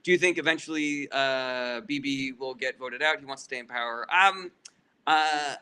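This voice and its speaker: Fast, bright-voiced man ranting profanely. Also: mid-range voice, clean tone. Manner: heated, profane, blunt political ranting. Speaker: livestream host answering chat questions. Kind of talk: casual livestream Q&A.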